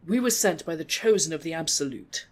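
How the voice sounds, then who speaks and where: A reader doing a regal leader, grave and commanding. He gives orders with calm authority in a storybook reading. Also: mid-range voice, fairly quick, close to an everyday voice. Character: commanding noble male leader.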